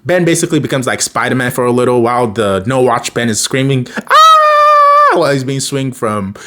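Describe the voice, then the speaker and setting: A man's voice: mid-range voice, quick pace, background noise. A man casually recapping a cartoon episode in a rambling way, with lots of fillers and restarts. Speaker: cartoon reviewer.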